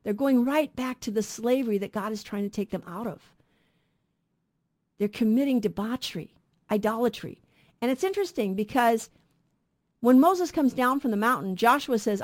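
A woman's voice: on the high side, moderate pace, a little mellow. A middle-aged woman co-hosting a radio Bible program, teaching earnestly and asking rhetorical questions.

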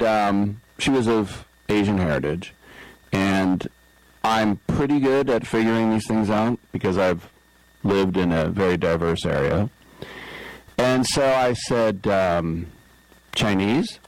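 Low-voiced middle-aged sports radio man. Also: a little slow, long pauses, dry recording, low-quality recording. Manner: rambling, self-deprecating, acts out quotes. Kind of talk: casual storytelling on radio. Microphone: studio microphone.

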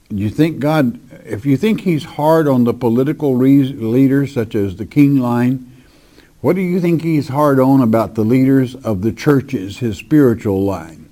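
Man, preacher, Bible study, reads verses then explains, unhurried, hesitant asides, mellow tone. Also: mid-range voice. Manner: reads scripture aloud then comments conversationally; slow and deliberate, with hesitations.

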